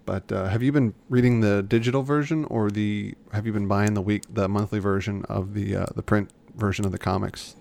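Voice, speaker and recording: A man's voice: lowish voice, fairly even intonation, brisk, gravelly, few pauses, a little mellow, slight background noise. A man co-hosting a podcast in casual chat, rambling and often restarting his sentences. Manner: chatty, rambling, self-correcting. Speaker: podcast co-host.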